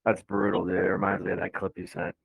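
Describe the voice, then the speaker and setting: Deep, husky male co-host with dry close sound, musing in casual chat. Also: monotone, fast talker, dry recording, rough recording. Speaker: podcast co-host.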